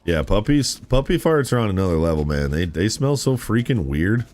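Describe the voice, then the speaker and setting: A man's voice: low voice, moderate pace, faint music behind. A man chatting casually with viewers on a gaming live stream, rambling through stories and blurting out reactions. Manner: animated, rambling storyteller who blurts out reactions.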